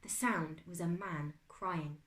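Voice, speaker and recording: A British woman teacher reading a chapter book aloud to her class, expressive and dramatic. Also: fairly low pitch, slow pace. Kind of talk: storybook read-aloud. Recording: echoey room.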